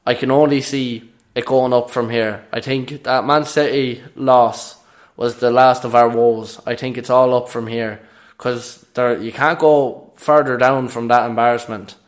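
Brief: man, mid pitch, emphatic podcast co-host, football opinions. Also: steady tone, a little slow. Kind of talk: casual football chat.

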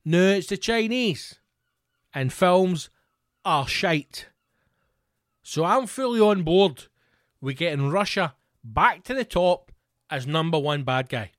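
A man's voice: sits high, expressive, slow pace, pauses often, fairly bright tone, no room sound, clean studio sound. A Scottish man hosting a podcast, ranting sarcastically, swearing freely and reading news reports aloud. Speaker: podcast host.

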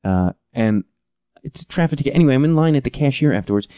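Profane ranting man, mellow dry voice. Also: medium pitch, lively intonation, fast, dry recording. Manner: profane, exasperated, rambling with restarts. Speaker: podcast host. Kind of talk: ranting comedic monologue.

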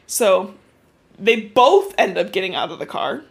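A young woman co-hosting a podcast, casually recapping a book as an animated storyteller who swears and uses lots of fillers. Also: medium pitch, a little slow, vocal fry, husky. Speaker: podcast co-host.

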